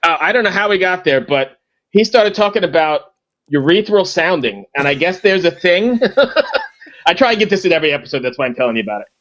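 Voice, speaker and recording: A man's voice: fairly high pitch, lively intonation, brisk, fairly bright tone, lo-fi sound. A man hosting a podcast, chatting casually and teasing his guest with jokes. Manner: teasing, joking banter. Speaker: podcast host.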